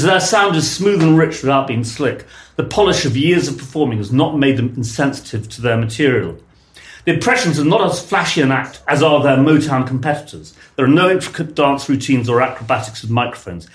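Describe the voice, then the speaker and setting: A man's voice: medium pitch, brisk. Enthusiastic man in a roomy room. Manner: enthusiastic, reads quotes with lively emphasis. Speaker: podcast host. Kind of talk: casual chat, reading archive excerpts aloud.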